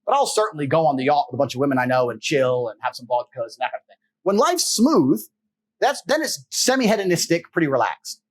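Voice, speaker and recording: Fast-talking husky man, blunt. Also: on the high side, big pitch swings. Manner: blunt, profane, forceful. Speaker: interview guest. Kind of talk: emphatic motivational talk.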